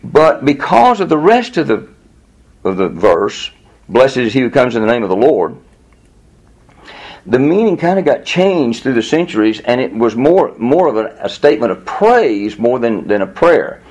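A man preaching a Bible teaching in a conversational, animated way, often chuckling and repeating words as he goes. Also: medium pitch, normal speed. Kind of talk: sermon teaching.

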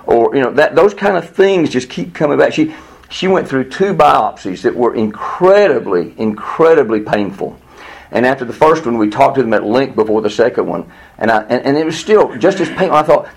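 A man's voice: lively intonation, fairly quick, slightly rough. Older man teaching sunday school, earnest, talks in starts and stops, voice jumps way up when he gets worked up. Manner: earnest, candid, many restarts, rising to high exasperated voices when quoting himself. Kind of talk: Bible class teaching.

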